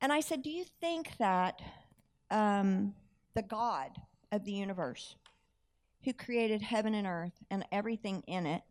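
A woman preaching, telling a story with lively acted-out dialogue and self-amused laughter. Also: medium pitch, a little slow. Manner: animated, acts out dialogue, laughs at herself. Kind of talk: sermon storytelling.

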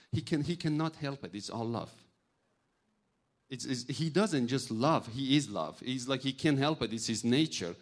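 Guy preaching, middle-aged, animated storyteller, loose grammar. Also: medium pitch. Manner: animated storytelling, acts out voices, non-native grammar. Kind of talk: sermon with personal stories.

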